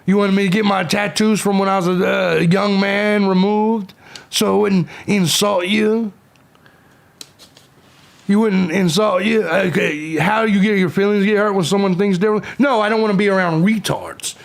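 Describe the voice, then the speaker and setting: Man, 40s, livestream host, gravelly, fairly high voice, combative, swears a lot, reads chat and argues back. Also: fairly even intonation, moderate pace. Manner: combative, profane, taunting trolls in chat. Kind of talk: live stream chat, reading and answering comments.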